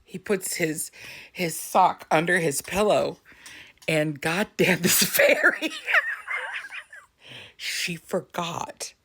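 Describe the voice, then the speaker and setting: Animated, low-voiced middle-aged mom storyteller. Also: female voice. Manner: animated, laughs while talking, breaks into quoted voices. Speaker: mom telling a family story. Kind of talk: casual storytelling to camera.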